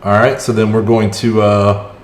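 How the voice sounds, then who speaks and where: A man's voice: on the low side, level tone, moderate pace. A man streaming a mobile strategy game, chatting with his viewers and talking through each move as it happens. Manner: chatty, reacts aloud to the match, chats with viewers. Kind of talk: live gameplay commentary. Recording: roomy echo.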